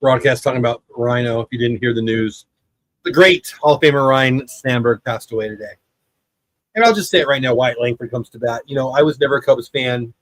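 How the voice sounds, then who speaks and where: A man's voice: mid-range voice, fairly quick. Man, 50s, livestream host; casual, rambling commentary, dry un-roomy mic. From United States. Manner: rambling, chatty, reads chat aloud. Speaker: livestream watch party host. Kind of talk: casual live baseball commentary.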